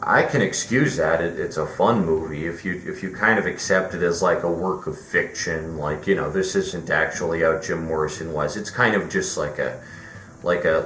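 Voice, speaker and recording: Deep-voiced, rambling male movie reviewer. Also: fairly bright tone. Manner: rambling, lots of fillers and restarts. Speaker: film reviewer. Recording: roomy echo with faint music.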